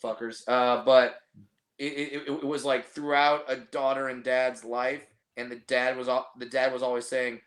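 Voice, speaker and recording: A man's voice: medium pitch, little pitch movement, moderate pace, a bit bright. Rambling, self-deprecating podcast host man. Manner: rambling and self-deprecating, many restarts and swearing. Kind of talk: casual podcast chat.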